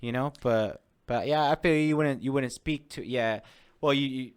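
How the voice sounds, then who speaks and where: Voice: medium pitch, moderate pace, clear, resonant tone. A podcast co-host in casual chat, laid-back and teasing, chiming in with jokes and put-on quotes.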